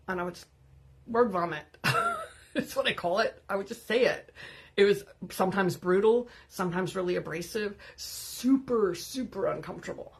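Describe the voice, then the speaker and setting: A woman's voice: mid-range voice, sing-song, moderate pace, creaky. Candid woman hosting a livestream. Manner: candid, conversational, greets viewers by name. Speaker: livestream host. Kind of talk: unscripted live talk.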